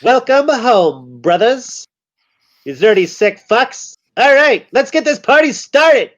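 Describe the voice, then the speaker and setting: A man's voice: very high voice, sing-song, slow, fairly bright tone, dull audio, pitched above the performer's own voice, heavily acted. A man voicing a small, scheming male goblin boss who fawns and then flares up. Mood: welcoming. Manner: fawning then indignant, showy.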